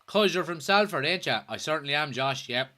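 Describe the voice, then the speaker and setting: A man's voice: a little high, animated, a little fast, pushed and bright. An Irish man hosting a casual football watchalong livestream, joking, swearing and reading viewer comments aloud. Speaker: host.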